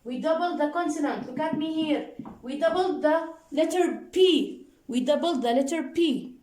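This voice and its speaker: A woman's voice: high-pitched, a little mellow, echoey room. A woman teaching English grammar, patiently repeating each rule and checking in with "okay?" and "deal?". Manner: spells out letters one by one and restates rules slowly. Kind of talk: explaining grammar rules to students.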